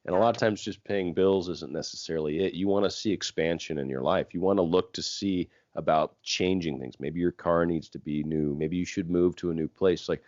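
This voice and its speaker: A man's voice: sits low, fairly even intonation, fairly quick, few pauses, a little mellow, no room sound. A man hosting a talk show, reflectively explaining an idea to his guest in a coaching tone. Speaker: radio show host. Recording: dry, dull lo-fi audio.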